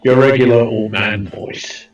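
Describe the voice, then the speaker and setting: A man's voice: fairly low pitch, fairly even intonation, unhurried, recorded from a distance, dull audio, over music. A man playing in a tabletop game, chatting casually and drawling out in-character banter. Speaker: player. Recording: echoey room.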